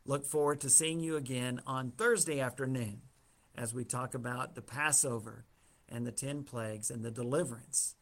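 A man's voice: mid-range voice, steady tone, normal speed, fairly bright tone. A man teaching a Bible study, retelling the story casually with humorous asides.

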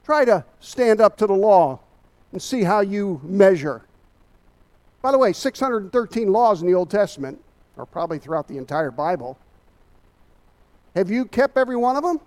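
A man's voice: sits high, big pitch swings, normal speed, long pauses, a little mellow. A man giving a Bible study sermon, emphatic and a little out of breath, often asking his listeners rhetorical questions.

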